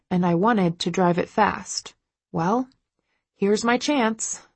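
A woman's voice: mid-range voice, a little mellow, husky, no echo. A woman narrating a first-person audiobook, a breathless inner monologue with sudden exclamations.

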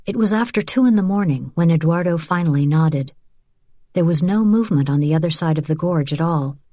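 A woman reading a novel aloud as an audiobook narrator, in even, measured storytelling. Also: deep voice, dry recording, studio quality. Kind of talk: scripted narration.

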